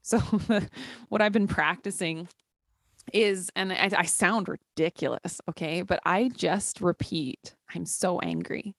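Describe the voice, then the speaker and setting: A woman's voice: on the low side, slow pace, dry recording, clean studio sound. A young woman, mother of a little boy, rambling through a casual conversation with many fillers and restarts. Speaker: podcast co-host.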